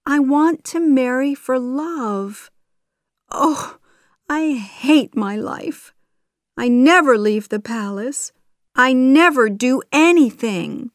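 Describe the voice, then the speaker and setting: A woman's voice: high voice, animated, takes it slowly, dry recording, studio quality, voice pushed up. A woman voicing a restless, unhappy young princess in a storybook reading, with a raised, pleading voice.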